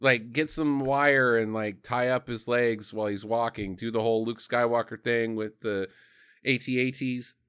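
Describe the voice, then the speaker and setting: A man's voice: medium pitch, steady tone, moderate pace, a bit bright, clear, resonant tone. A man co-hosting a podcast, recapping a movie in a profane, joking way. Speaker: podcast co-host. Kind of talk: casual comedic movie recap.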